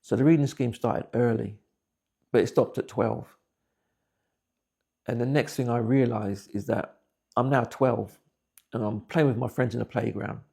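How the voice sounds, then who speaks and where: A man's voice: medium pitch, fairly even intonation, unhurried, vocal fry, pauses often, warm tone, breathy edge. A man, giving blunt, plain-spoken personal testimony. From England. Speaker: interviewee.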